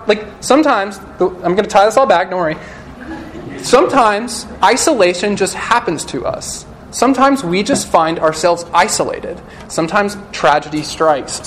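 A man's voice: high-pitched, slight background noise. A young man giving a casual sermon-style talk to a live audience of students, chatty and joking, full of "like" and "you know". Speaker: speaker at a campus student gathering.

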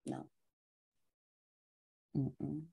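A woman's voice: drawn-out words, warm tone. A woman co-hosting a casual podcast, making wry jokes and swearing casually. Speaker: podcast co-host. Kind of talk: casual chat.

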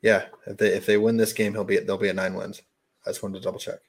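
Low-voiced laid-back podcast co-host man. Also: level tone, breathy edge. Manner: halting, restarts often, laughs easily. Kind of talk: casual sports chat.

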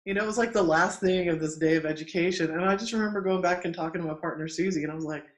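Middle-aged male midwife, higher voice, chatty animated storyteller who acts out quotes, echoey room. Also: rapid-fire. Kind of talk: casual storytelling in conversation. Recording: roomy echo.

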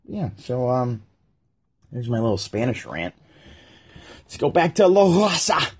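A man's voice: medium pitch, big pitch swings, unhurried, darkish tone, breathy edge. A man giving rambling, sarcastic commentary while reacting to a video and reading aloud. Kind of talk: casual commentary vlog.

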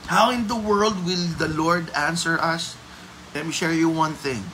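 A man with a Filipino accent giving a devotional prayer message as a pastor, slow and emphatic, letting his phrases trail off softly. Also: fairly high pitch, fairly even intonation, a little hiss or hum, poor audio. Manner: switches between English and Tagalog, slow and emphatic.

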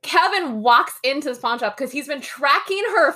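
A woman with a bright, fairly high voice chats as a podcast co-host. She talks loosely, fills her lines with "like" and laughs easily. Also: expressive, normal speed. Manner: chatty, laughs often, uses lots of "like". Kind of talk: casual chat.

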